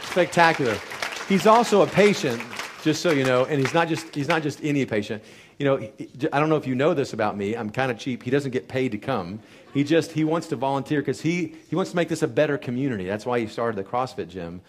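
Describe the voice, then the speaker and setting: A man's voice: medium pitch, fast, some chatter behind, a little hiss or hum. Upbeat man giving a live pep talk. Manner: energetic, pep-talk style with rhetorical questions. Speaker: chiropractor hosting a wellness seminar. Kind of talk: live motivational talk to an audience. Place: hall with a live audience.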